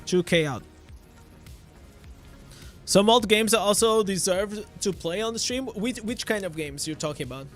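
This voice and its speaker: A man's voice: high-pitched, measured pace, pauses often, soft background music. A young man with a Portuguese accent chatting casually on a live stream, often restarting his words and swearing now and then.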